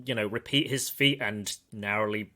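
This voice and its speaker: Bright-toned male podcast host. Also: lowish voice, moderate pace. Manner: thoughtful, digressive, self-described pedant. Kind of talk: casual film review chat.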